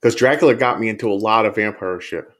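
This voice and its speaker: Male guest, lowish voice, rambling easygoing talker, casual cursing. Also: quick pace, a bit bright. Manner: easygoing, rambling, swears freely. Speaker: podcast guest. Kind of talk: casual chat.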